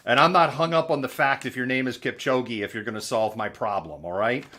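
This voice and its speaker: A man's voice: mid-range voice, a little fast, crowd noise. A man hosting a live news commentary show, chatting in a sarcastic, mocking way. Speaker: host.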